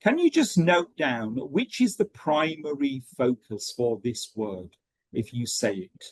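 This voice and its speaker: A man running an online teacher training session, talking in a steady rhythm with frequent ums and okays. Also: medium pitch, measured pace, dry recording, poor audio.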